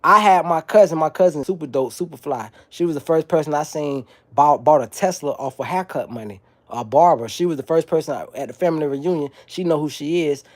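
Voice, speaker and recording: A man's voice: a little high, darkish tone. Rambling, profane man on a phone livestream. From South Florida. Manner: loose, profane, digressive street talk. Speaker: livestream host. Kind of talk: rambling casual livestream storytelling.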